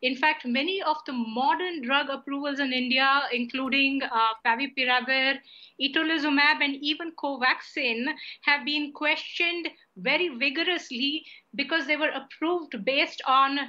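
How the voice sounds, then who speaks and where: A woman panelist on a TV debate, making her point in a measured, explanatory way. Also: sits high, sharp tone, muffled recording. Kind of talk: TV debate argument.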